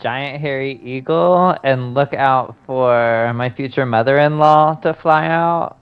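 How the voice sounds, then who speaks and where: A tabletop game player in casual chat, with a smooth, resonant voice. The audio is slightly dull and muffled, with faint music behind. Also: medium pitch, takes it slowly.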